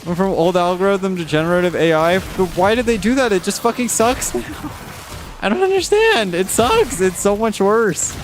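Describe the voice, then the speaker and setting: A man's voice: normal speed, soft background music. A man streaming live, ranting casually with lots of swearing while reading chat comments. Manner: ranting, frequent swearing, rising exasperated pitch. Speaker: livestreamer.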